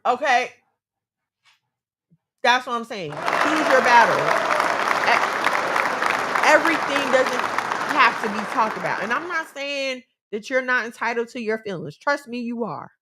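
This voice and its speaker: A woman's voice: fairly high pitch, pushed and bright. A woman co-hosting a casual chat, giving earnest, faith-based relationship advice and repeating phrases for emphasis.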